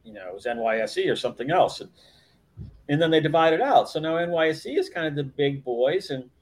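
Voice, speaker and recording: A man with a rather high voice that swings widely in pitch, chatting on a podcast. He rambles and thinks aloud, filling the gaps with fillers. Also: very animated, fairly quick. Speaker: podcast co-host. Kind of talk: casual chat.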